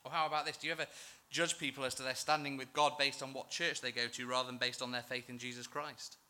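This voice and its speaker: A man's voice: medium pitch, level tone, fast, sharp tone. A male church minister preaching a sermon in an earnest, emphatic, self-deprecating way.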